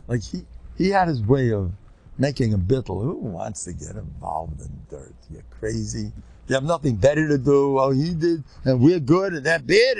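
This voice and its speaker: An older man giving an informal Torah lecture, animated, swinging between loud bursts and quiet asides and peppering his talk with Yiddish and Hebrew terms. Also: mid-range voice, moderate pace, gravelly, slight background noise.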